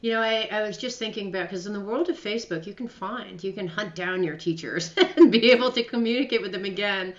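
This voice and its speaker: A woman's voice: medium pitch, fast, few pauses. A woman hosting a radio show, interviewing a guest in an effusive, emotional way and laughing while she talks. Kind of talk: interview, casual chat. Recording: roomy, slightly dull sound.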